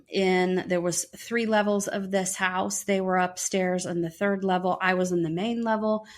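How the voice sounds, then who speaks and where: A middle-aged woman, a podcast co-host, telling a personal story in casual chat and acting out the voices of the people she quotes. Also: lowish voice. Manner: animated, acts out quoted voices.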